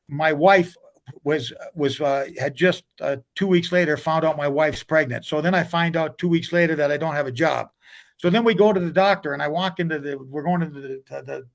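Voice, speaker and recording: A man's voice: a little high, vocal fry. An older man, a hockey coach telling long stories as an interview guest, rambling with many restarts. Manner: rambling, retells conversations with many restarts and "he goes".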